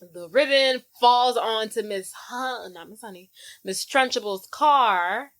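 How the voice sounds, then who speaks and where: A woman co-hosting a podcast, casually retelling a film's plot in slang-filled, animated chat. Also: on the high side, takes it slowly. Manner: animated storytelling with acted-out quotes. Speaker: podcast co-host. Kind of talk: casual movie recap chat.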